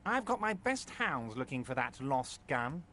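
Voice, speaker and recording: A man's voice: mid-range voice, very animated, unhurried, bright, forceful tone, slight background noise. An actor voicing a smug, overconfident male union boss in a game, with a nasal, patronizing manner. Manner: smooth, patronizing reassurance. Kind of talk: video game voice acting.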